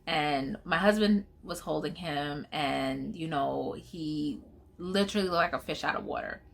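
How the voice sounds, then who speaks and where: A woman's voice: sits low, a little slow, gravelly, slight background noise. A young woman casually telling the story of her son's hospital stay, acting out the back-and-forth of each conversation. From New York, USA. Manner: animated retelling, acting out dialogue.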